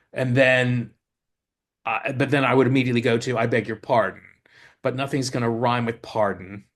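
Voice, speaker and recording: A lyricist and co-host in casual talk, explaining his craft with eager restarts as he thinks aloud. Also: mid-range voice.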